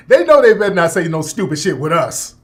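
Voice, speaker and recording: A man hosting a talk radio show, delivering a profane, opinionated monologue with laughter and mocking asides. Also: fairly high pitch. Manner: profane, animated, laughing, with mocking put-on voices.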